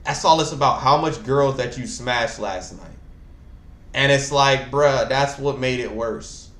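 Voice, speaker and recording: A young man hosting a casual chat, talking in an animated, rambling and slangy way. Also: mid-range voice, measured pace, reverberant. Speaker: host.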